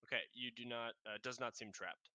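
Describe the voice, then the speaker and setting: A man's voice: medium pitch, steady tone, sharp tone, no room sound. A man narrating a tabletop game as game master, often stopping and restarting his sentences. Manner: halting, restarts mid-sentence.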